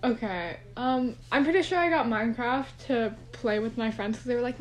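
Young female co-host, talkative and giggly, higher-pitched, casual home recording. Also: quick pace, hardly any pauses. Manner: chatty, rambling, laughs often. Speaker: podcast co-host. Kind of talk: casual chat. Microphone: no microphone, phone or computer.

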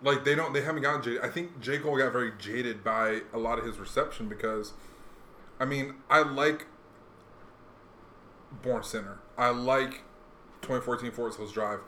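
A man's voice: mid-range voice, moderate pace, long pauses, bright, forceful tone, slight background noise. A man in casual chat, rambling and hedging with lots of fillers. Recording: echoey room, faint ambience.

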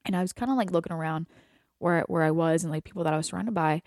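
Frank, foul-mouthed woman, low dry voice. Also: fast, a little mellow, dry recording. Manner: profane, candid, laughs often. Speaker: hairstylist and salon owner. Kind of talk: casual monologue.

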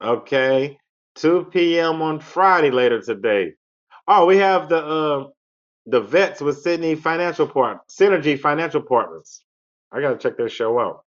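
This talk radio host has a somewhat high, expressive voice and takes his time. He rambles in a laid-back, repetitive way through a casual monologue, heard over lo-fi internet radio audio.

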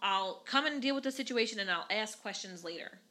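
Woman in her thirties, podcast co-host, bright tone, animated and profane storytelling. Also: medium pitch, a little fast. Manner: animated storytelling, swears freely. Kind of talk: casual chat.

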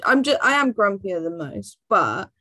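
A woman's voice: medium pitch, sing-song, moderate pace, pushed and bright. A woman in her twenties, a podcast guest chatting bluntly with grumpy, sweary humour. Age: 20s. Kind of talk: casual chat.

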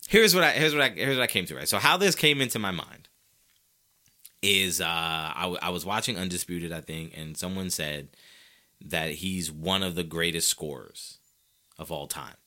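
Here a solo sports talk host with a low voice speaks at a moderate pace. Animated and combative, he makes his points through rhetorical questions and slangy, direct address to listeners.

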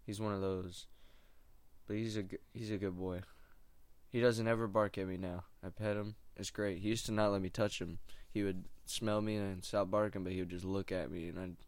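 A laid-back young man talks in a loose, wandering monologue, full of slang and side thoughts. His voice sits on the low side, and the sound is close and dry with no room echo. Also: flat delivery, normal speed. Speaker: stand-up comic doing open mics. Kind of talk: casual rambling monologue.

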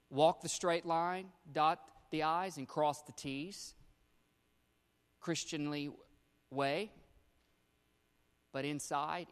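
Male pastor, slightly high-pitched, preaching with surges of emphasis and hushed drops; long hall reverb. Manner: swings from loud emphatic bursts to quiet low endings. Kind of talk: sermon.

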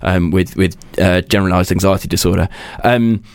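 A man's voice: sits low, fairly even intonation, a little fast, vocal fry, clean tone, no room sound. A man hosting a podcast in casual chat, chatty and self-deprecating, with frequent ums. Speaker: podcast host.

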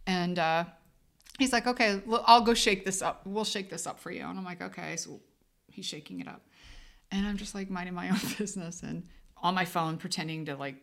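Bright-voiced woman telling a rambling story. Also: fairly low pitch, a little fast. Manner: rambling, laughing as she tells a story. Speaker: podcast co-host. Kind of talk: casual storytelling chat.

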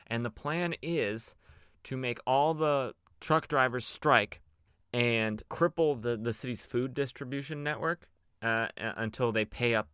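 A young podcast host casually retells a comic story, loose and chatty with plenty of fillers, putting on playful voices for the characters he quotes. His mid-range voice is bright, forceful and smooth, recorded dry in studio quality.

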